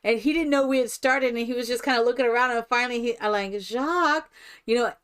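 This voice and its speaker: An older woman streaming herself playing a game, chatting in a rambling, animated storytelling way. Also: on the high side, fast, clear, resonant tone. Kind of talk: casual chat while playing a life-simulation game.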